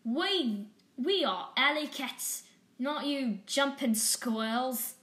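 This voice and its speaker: A woman's voice: high-pitched, lively intonation, takes it slowly, fairly bright tone, roomy sound, pitched above the performer's own voice, full character voice. A woman voicing a big, scarred, proud tabby tomcat who leads alley cats, speaking with scorn. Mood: mocking. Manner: scornful, taunting.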